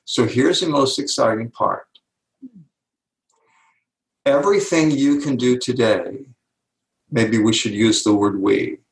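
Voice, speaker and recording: Speaking slowly with vocal fry and long pauses, an older guest author in an interview lays out his ideas in a mid-range voice. He's animated and emphatic, performing the quoted lines of people from his stories, and the recording has an echoey room sound.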